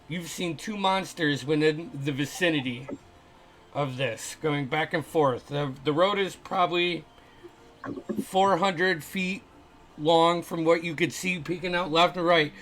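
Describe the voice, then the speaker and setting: A high-voiced man narrates a tabletop game as its game master. He speaks slowly, halting on fillers and restarts, and drops in playful sound effects. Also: fairly bright tone, slight background noise.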